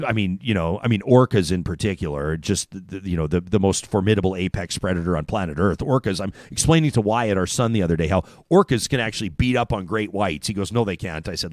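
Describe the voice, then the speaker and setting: A man hosting a talk show, telling stories in a lively, rambling way with many restarts. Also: sits low, quick pace, few pauses, dry recording, studio quality. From Canada. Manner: animated storyteller, chatty with many restarts. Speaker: radio talk show host. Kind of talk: casual talk show chat.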